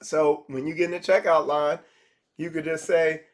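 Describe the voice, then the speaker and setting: Give me a man with a high-pitched voice teaching casually on a livestream, conversational and repetitive. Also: level tone, moderate pace. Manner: conversational, repeats phrases, acts out dialogues. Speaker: spiritual teacher.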